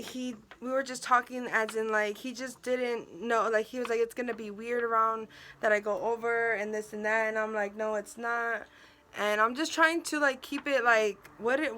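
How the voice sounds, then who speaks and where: A woman's voice: fairly high pitch, pushed and bright. A young woman telling a personal story on her vlog, emotional and venting, filled with "like" and quoted dialogue.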